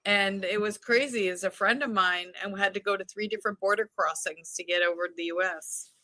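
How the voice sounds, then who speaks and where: A woman's voice: medium pitch, steady tone, brisk, pushed and bright, no echo, rough recording. A woman, a guest on a livestream, telling a travel story in a chatty way over a video call. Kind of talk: casual livestream chat.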